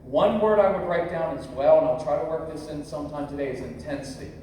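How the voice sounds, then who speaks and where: Fast-talking and warm, with a fairly high pitch, a man in his fifties delivers a live parenting workshop in a large convention hall, full of stories, acted-out quotes and crowd jokes. The hall is echoey, the mic heard from far away, and there is slight background noise.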